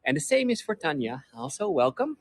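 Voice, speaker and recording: A man's voice: a little high, sing-song, brisk, slightly rough, no echo. Chatty Dutch man guiding outdoors. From Netherlands. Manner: chatty and friendly, many restarts. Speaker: tour guide. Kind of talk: live-streamed walking tour. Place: street outdoors in a cold town.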